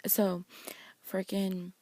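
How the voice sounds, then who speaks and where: A woman recapping a TV episode in a casual vlog, talking fast and slangily as she paraphrases the characters' lines. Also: mid-range voice, monotone, mellow, dry recording.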